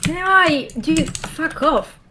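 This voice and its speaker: A woman's voice: high-pitched, drawn-out words, background noise. A woman gaming with a friend, exasperated and sarcastic, swearing freely. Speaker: duo gaming partner. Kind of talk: casual gaming chat.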